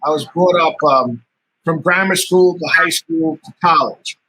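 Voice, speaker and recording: A martial artist with a slightly high voice tells stories in a casual interview at a measured pace, over a rough recording with slight background noise. He's an animated storyteller who laughs often and acts out quoted dialogue.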